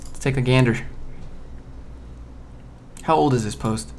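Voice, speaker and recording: A man in casual live-stream commentary talks at a middle pitch while he goes through job postings. He reads the lines out and then reacts to them bluntly, joking and making offhand remarks, in an unscripted way. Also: unhurried, a little mellow, slight background noise.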